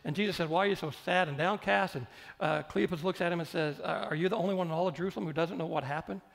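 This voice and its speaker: Gravelly guy preaching, fairly high voice, lots of hall echo. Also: quick pace. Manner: preaching with repetition and direct questions to the congregation. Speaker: pastor. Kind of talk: sermon. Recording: long hall reverb.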